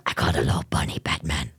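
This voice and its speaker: A woman voicing the Joker as a menacing male villain in a deep, gravelly, half-whispered growl. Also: fairly bright tone, no room sound, heavily acted. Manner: taunting, drawn-out and sinister.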